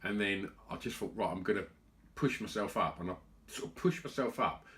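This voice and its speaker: A man's voice: on the low side, brisk, a bit bright. A man co-hosting a podcast, telling a story in rambling casual chat. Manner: rambling storytelling, acts out quotes. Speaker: podcast co-host.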